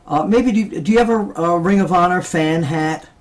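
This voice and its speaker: A man hosting a casual wrestling interview, halting often with filler sounds. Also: high-pitched. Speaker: interview host.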